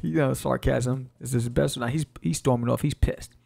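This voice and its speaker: Gravelly, laid-back male podcast host. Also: mid-range voice, steady tone, moderate pace, a little mellow. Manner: laid-back, joking, slangy. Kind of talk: casual comic read-through.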